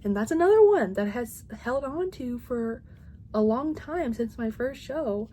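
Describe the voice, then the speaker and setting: A woman's voice: on the high side, animated, a little slow, mellow. A woman in her thirties, a crochet vlogger, chatting casually at home and rambling with lots of "like" and restarts.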